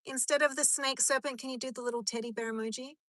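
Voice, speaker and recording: A woman's voice: high-pitched, fairly even intonation, fast, a bit bright, no room sound. A woman chatting on a live stream from her car in a rambling, chatty way, answering comments as they come in. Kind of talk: casual live stream chat.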